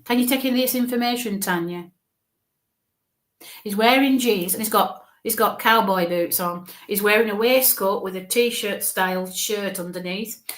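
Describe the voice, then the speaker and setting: A woman works through a live mediumship reading, pausing and restarting as she thinks aloud. Her voice sits at an ordinary middle pitch for a woman. The recording carries a noticeable roomy echo. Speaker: psychic medium.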